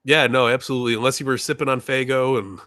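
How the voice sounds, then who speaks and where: A man's voice: mid-range voice, fairly even intonation, fast talker, pushed and bright, no echo, studio quality. A man chatting casually as a podcast guest, laughing often and retelling scenes with playful voices. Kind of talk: casual chat.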